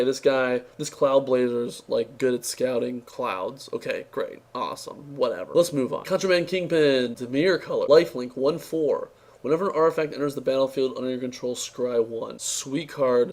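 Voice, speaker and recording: A young man with a mid-pitched, worn-out voice that sounds strained from talking. He drifts through an offhand, sarcastic review and keeps stumbling on fillers and restarts. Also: a little mellow. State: tired, strained voice. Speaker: card game reviewer. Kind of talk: casual spoken review.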